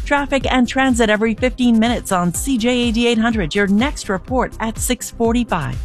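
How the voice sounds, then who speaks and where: A woman giving a brisk radio traffic report, listing stalled trucks and slowdowns. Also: on the high side, soft background music.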